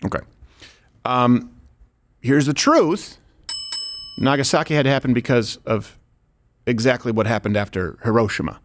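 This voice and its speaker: A man's voice: mid-range voice, moderate pace, long pauses, slight background noise. A man hosting a political talk show, talking casually, joking and laughing with his co-hosts. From United States. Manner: lively, joking, laughs often. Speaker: host.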